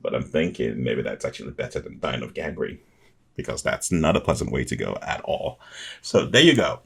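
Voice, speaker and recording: A man's voice: rumbling low, sing-song, brisk, creaky, husky. A man hosting a reaction video, chatting casually with enthusiasm and chuckles, often restarting his sentences.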